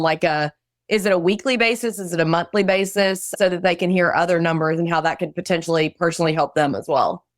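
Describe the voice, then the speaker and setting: Low-voiced woman hosting an interview. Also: no echo, studio quality. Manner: friendly, brief affirmations, laughs along. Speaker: podcast host. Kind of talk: conversational interview.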